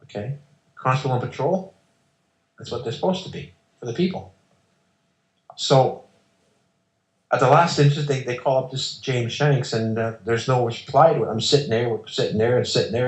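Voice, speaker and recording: A man's voice: mid-range voice, normal speed, long pauses. A man as an interview guest, telling a personal story in an emphatic, insistent way and acting out the exchanges. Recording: roomy echo.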